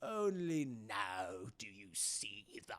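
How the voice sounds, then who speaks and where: A man putting on the voice of a sinister old male emperor, in a low, raspy whisper. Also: big pitch swings, slow pace, fairly bright tone, full character voice. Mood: menacing.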